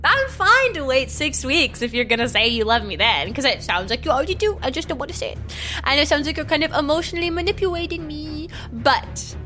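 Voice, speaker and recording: Woman, comedy podcast co-host; flustered animated improv, fairly high, bright voice. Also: fairly quick, soft background music. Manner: flustered, animated, laughing through scenes.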